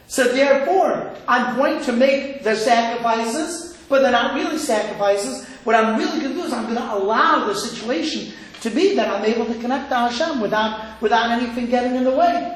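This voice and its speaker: Animated rabbi preaching in an echoey room. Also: male voice, very high-pitched, a little fast. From Cleveland, Ohio. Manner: animated storytelling, acting out quoted voices. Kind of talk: sermon.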